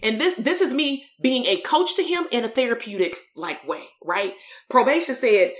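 A woman's voice: a little high, lively intonation, moderate pace, a bit bright, echoey room. A middle-aged woman who is a therapist and business coach, telling a candid story to a live audience in a blunt, streetwise way and swearing freely.

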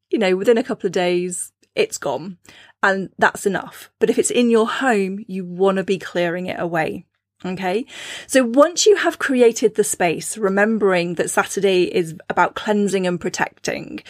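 A woman's voice: medium pitch, no echo. Woman, casual spiritual talk, chatty, laughs often, dry close sound. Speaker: podcast host.

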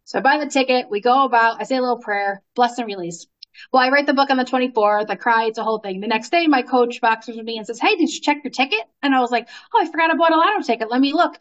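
A woman telling a long story in casual conversation, animated, laughing often and using lots of fillers. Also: fairly high pitch, fast, muffled recording. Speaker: guest.

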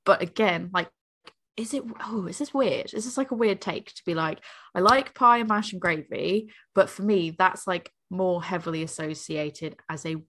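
A woman co-hosting a podcast, chatting casually and acting out quotes as she tells animated stories. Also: lowish voice, normal speed. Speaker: podcast co-host. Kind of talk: casual chat.

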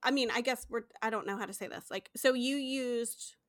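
A woman's voice: fairly high pitch, moderate pace, a bit bright, no room sound, clean studio sound. A woman in her thirties co-hosting a casual chat, playful and self-deprecating as she asks questions. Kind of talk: casual podcast conversation.

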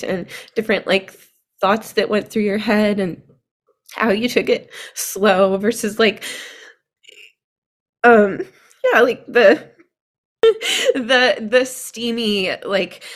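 A woman program participant, tearful and halting, searching for words with many fillers. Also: mid-range voice. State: tearful, trying to compose herself.

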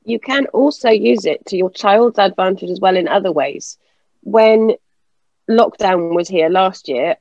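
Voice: mid-range voice, dry recording, muffled recording. A dog trainer speaking matter-of-factly on a panel. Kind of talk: casual panel discussion.

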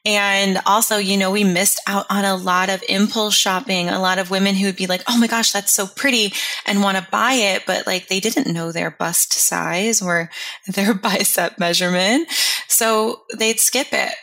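A woman's voice: mid-range voice, fairly even intonation, moderate pace, pushed and bright. A woman in her thirties telling her own story in a casual, chatty way, with lots of fillers and frequent laughter. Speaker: podcast guest, boutique owner.

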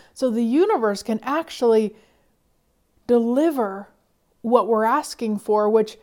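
A middle-aged woman coaching listeners about money, soft-spoken, sighing often and dropping to whispers. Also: a little high. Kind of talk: motivational talk.

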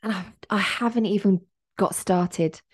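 A woman's voice: mid-range voice, a little slow. A woman, hosting a solo podcast as a business coach and talking in an emotional, upbeat, motivational way.

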